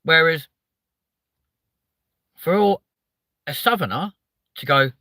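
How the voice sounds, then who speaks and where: A man's voice: a little high, lively intonation, takes it slowly, bright, forceful tone, dry recording. A man with a southern English accent hosting a live stream, chatting casually, swearing a lot and sounding hyper as he reads out viewer comments. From southern England.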